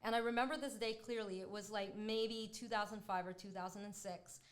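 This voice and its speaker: A woman in her thirties, a podcast co-host, telling a story in a chatty, animated way, full of "like" fillers. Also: medium pitch, a little fast. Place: restaurant.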